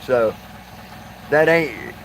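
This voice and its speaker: A man chatting casually to a live stream audience, halting with many fillers and restarts. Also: mid-range voice, animated, creaky, a little hiss or hum, rough recording.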